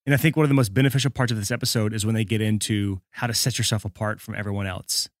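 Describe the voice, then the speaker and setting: A man's voice: on the low side, steady tone, racing, no room sound, clean studio sound. A man hosting a podcast, introducing the episode in a chatty, joking and rambling way. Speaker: podcast host.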